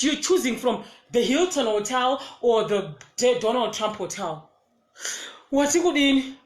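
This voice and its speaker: Animated Zimbabwean woman telling a story. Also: a little high, reverberant. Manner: animated, switches between English and Shona, acts out quotes. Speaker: storyteller vlogger. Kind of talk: casual storytelling.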